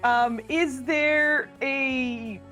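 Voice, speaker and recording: A woman's voice: high-pitched, steady tone, extremely slow, bright, forceful tone, faint music behind. A woman playing a tabletop game in casual chat, giggly and laughing often. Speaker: player.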